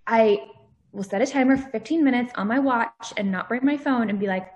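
A woman's voice: fairly high pitch, a little fast, darkish tone, muffled recording. A woman in her thirties, a guest on a podcast, chatting casually and laughing at herself. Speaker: guest, author. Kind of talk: casual chat.

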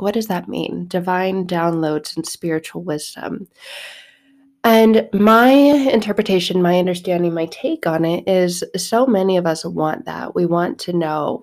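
A woman's voice: on the low side, a little mellow. A woman hosting a podcast, talking casually and animatedly about faith, acting out quotes, laughing often and swearing now and then. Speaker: podcast host. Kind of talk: casual spiritual talk.

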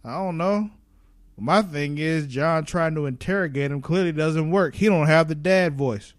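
A young man co-hosting a podcast in casual chat, animated, laughing often and swearing freely. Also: on the high side, moderate pace, dry recording, clean studio sound. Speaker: podcast co-host.

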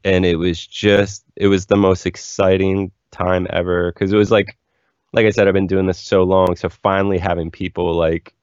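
A man's voice: sits low, little pitch movement, moderate pace, a little mellow, smooth, no echo, dull audio. A young man, a musician guest, telling stories in a candid, rambling way full of "like" fillers. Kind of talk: casual interview storytelling.

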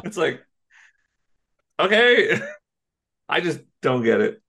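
A man co-hosting a podcast in casual chat, rambling and animated, swearing and laughing often. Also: a little high, takes it slowly, heavy background noise. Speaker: podcast co-host.

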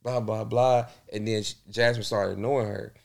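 A man's voice: on the low side, fairly even intonation, normal speed, vocal fry. A man co-hosting a podcast in casual chat, gossiping and cutting in with his own side of the story. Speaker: podcast co-host.

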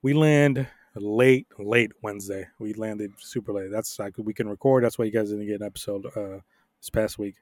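A young adult man co-hosting a podcast, telling stories in a casual, profane, animated way with frequent laughs. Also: lowish voice, normal speed, no echo, clean studio sound. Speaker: podcast co-host.

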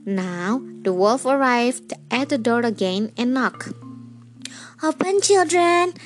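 A woman storyteller reading a fairy tale aloud in a gentle, measured way. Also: a little high, soft background music.

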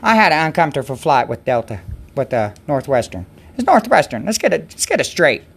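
A woman's voice: sits low, big pitch swings, fairly quick, creaky, slight background noise. A woman hosting a Christian livestream, in a rambling, chatty way that keeps interrupting itself. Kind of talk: casual devotional chat.

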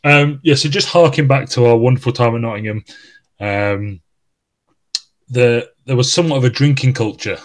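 A man's voice: medium pitch, measured pace, pauses often. A man hosting a podcast, reminiscing in casual chat with a former teammate, rambling and laughing often as he talks.

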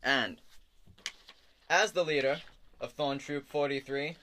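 A man voicing a self-important male troop leader who keeps repeating his own title in a loud, proclamatory way. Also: mid-range voice, takes it slowly, slight background noise, voice pushed up. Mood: pompous. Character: pompous human male troop leader in garish noble clothes.

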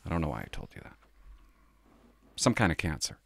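A man's voice: rumbling low, huge pitch swings, fairly quick, gravelly, a bit bright, dry recording. A middle-aged man from Canada, a former police officer, talking casually and confidingly on his podcast, rambling and laughing as he tells stories.

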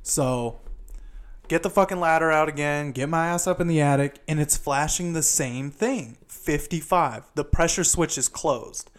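A man's voice: a little high, animated, normal speed. A man hosting a podcast, telling an exasperated, profane story in a casual ranting monologue while making pasta at home. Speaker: podcast host; HVAC installer.

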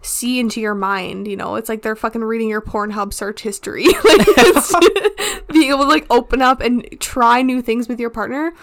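Female podcast co-host with a slightly high voice, loose and profane. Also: moderate pace, few pauses. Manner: chatty and frank, laughing often and cursing. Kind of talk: casual chat.

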